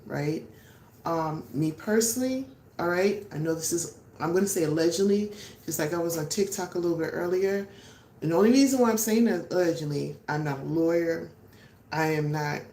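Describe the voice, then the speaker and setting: A woman's voice: fairly low pitch, darkish tone. A middle-aged woman hosting a casual live stream, talking in a rambling way with many fillers and restarts. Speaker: vlog host. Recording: echoey room, faint background noise.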